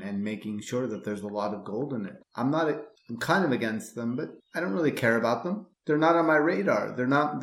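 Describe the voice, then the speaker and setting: Laid-back man in an echoey room. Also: medium pitch. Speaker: podcast co-host. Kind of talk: casual conversational dialogue. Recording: roomy sound with faint music behind.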